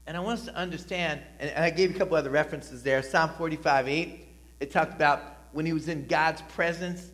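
A pastor delivering a sermon with a bright, somewhat high male voice. He calls the congregation to repeat lines back to him, punches some phrases loudly and drops to quiet, low asides on others. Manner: preaching with call-and-response to the congregation; swings from loud emphatic reading to soft, low asides.

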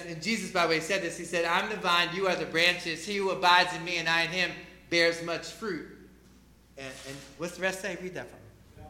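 Male preacher, emphatic sermon delivery, bright edge, roomy hall sound. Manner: emphatic, rising to loud peaks then dropping low.

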